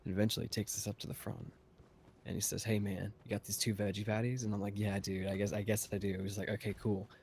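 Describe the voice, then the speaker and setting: Casting note: man, low flat gravelly voice, rambling storyteller with a foul mouth. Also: fast, slight background noise. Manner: profane, rambling, laid-back. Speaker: podcast host. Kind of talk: casual storytelling.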